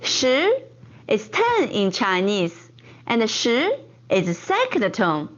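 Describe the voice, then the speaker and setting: A woman tutors counting in a scripted video, stretching each word out and repeating it patiently. Her voice sits very high and swoops up and down, and she speaks at an extremely slow pace. The audio is dull and lo-fi. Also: big pitch swings, a bit bright. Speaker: online Chinese tutor. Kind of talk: scripted language lesson video.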